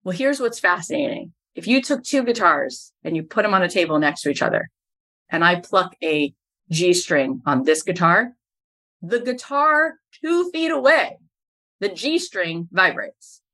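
A woman's voice: lowish voice, lively intonation, a little slow, bright, forceful tone. A middle-aged woman, a podcast host and business coach, telling stories as a guest in an interview and building each anecdote to its punchline.

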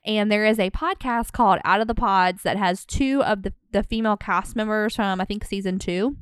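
A woman co-hosting a podcast in casual chat, candid and animated, acting out her own reactions as she tells stories. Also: mid-range voice, normal speed, clean tone, dry recording, clean studio sound. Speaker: podcast co-host. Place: podcast studio.

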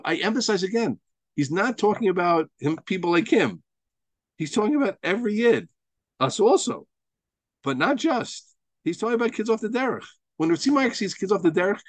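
Rabbi teaching a study class; animated, swooping pitch, slightly high voice, emphatic and repetitive, dry close sound. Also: male voice, moderate pace, no room sound. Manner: animated, emphatic, repeats words as he builds a point; mixes Hebrew and Yiddish terms into his teaching. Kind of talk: Torah lesson to a study group.

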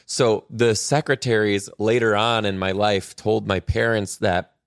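A man's voice: lowish voice, fairly even intonation, unhurried, no echo, clean studio sound. A man co-hosting a casual chat, making wry, joking asides. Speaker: podcast co-host.

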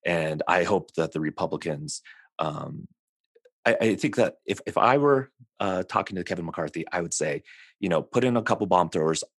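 A man discussing politics as a podcast guest, rambling at times and trailing into lively asides. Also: sits low, moderate pace, husky, dry recording, clean studio sound. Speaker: communications expert guest.

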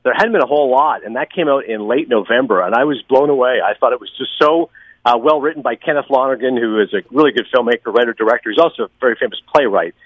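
Homem falante e rápido. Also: male voice, mid-range voice, no echo, phone-quality sound. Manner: fast, enthusiastic, talkative. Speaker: podcast guest, film critic. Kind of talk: casual podcast chat.

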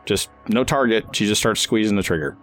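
Low-voiced man running a tabletop game. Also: animated, fairly bright tone, faint music behind. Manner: halting, many fillers and restarts. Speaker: game master.

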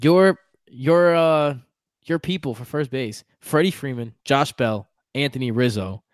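A man's voice: mid-range voice, measured pace, no echo, studio quality. A man co-hosting a casual sports chat, a fiery fan from New York who rants and swears. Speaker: podcast co-host.

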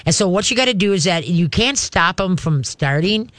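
A man hosts a call-in pet show in a slightly high, folksy voice. He rambles warmly through advice, throwing in growls and playful dog voices. The sound is close and dry. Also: animated, moderate pace, dry recording. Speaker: radio show host and pet trainer.

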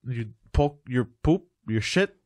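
A man in casual chat, telling a rambling account in halting, repetitive phrases. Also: mid-range voice, lively intonation, darkish tone. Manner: rambling, halting, repeats himself.

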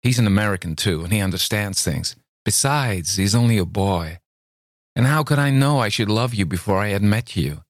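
A man with a low voice playing an eager young American woman who pleads her love in a raised, emotional voice. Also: lively intonation, moderate pace, dry recording, clean studio sound, close to an everyday voice. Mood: pleading. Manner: breathless, imploring, emotional.

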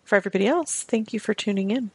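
A woman co-hosts a casual podcast chat. Her voice carries a gravelly fry, and the sound is close and dry with no room around it. She giggles nervously and squirms at awkward topics. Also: mid-range voice, racing, a little mellow, no room sound. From Massachusetts. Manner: giggly, squeamish about the topic. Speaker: podcast co-host. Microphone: home microphone, remote call.

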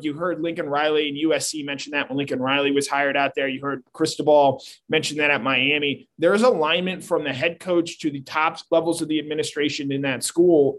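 A man's voice: on the high side, fairly bright tone. A man co-hosting a casual sports talk show, analytical and prone to restarting his sentences. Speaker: sports podcast co-host.

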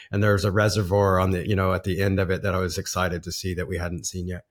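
A man in his forties with a lowish voice tells a personal story on a podcast. He rambles earnestly and often restarts his sentences. He laughs now and then as he talks. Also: fairly even intonation, a little fast. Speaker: podcast guest. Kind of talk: casual storytelling conversation.

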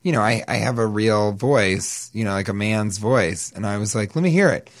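A man telling a wild anecdote in casual chat, stammering and restarting, swearing freely and growing louder as the story builds. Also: normal speed. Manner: animated, stammering restarts, gets louder and higher as the story peaks.

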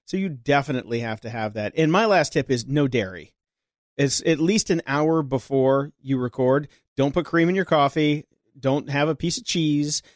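Upbeat male podcast producer, slightly high voice. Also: normal speed, no echo, clean studio sound. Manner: upbeat, joking, emphatic. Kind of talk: casual podcast chat.

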